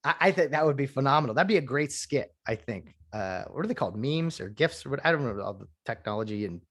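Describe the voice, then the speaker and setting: A man's voice: medium pitch, animated, quick pace, a bit bright. A man talks alone into his podcast mic, drifting from point to point and restarting his sentences. He is opinionated and casual, in a mid-range voice. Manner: rambling and opinionated, with many restarts. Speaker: podcast host. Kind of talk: solo podcast rambling.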